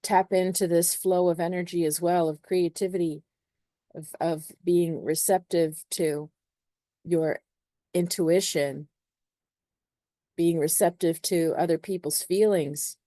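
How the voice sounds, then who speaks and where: A woman's voice: on the low side, fairly even intonation, slow pace, dark tone, no room sound. A woman astrologer explaining in a casual, loose way, hedging often with filler phrases. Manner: hedging, uses many "sort of" and "you know".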